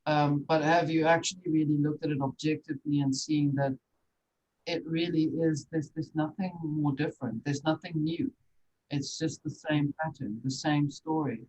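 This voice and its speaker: A podcast host in an interview, musing and speculating, thinking out loud. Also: medium pitch, steady tone, moderate pace, poor audio.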